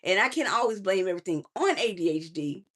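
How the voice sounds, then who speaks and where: A woman's voice: medium pitch, expressive, fast talker, slightly rough. Middle-aged woman, life coach, preachy live-stream talk, chatty, laughs often, calls viewers honey. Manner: preachy, warm endearments to viewers. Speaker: transformational coach.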